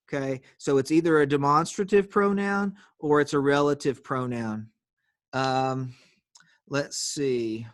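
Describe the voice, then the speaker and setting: A man's voice: medium pitch, no room sound, clean studio sound. A man teaching an online grammar class on a video call, explaining patiently step by step and calling on students.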